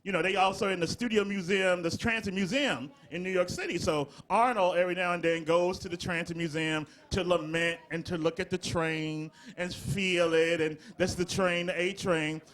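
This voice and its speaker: This comedy writer and show creator from the Southern United States is middle-aged and chats casually in an interview, a laughing storyteller who often breaks up. His slightly bright voice sits high with fairly even intonation, moving at normal speed with few pauses.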